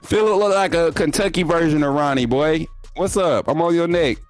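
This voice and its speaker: A young man, hosting a sports livestream, reading super chats and teasing viewers in energetic, laughing banter. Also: on the high side, moderate pace, soft background music. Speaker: YouTube sports show host.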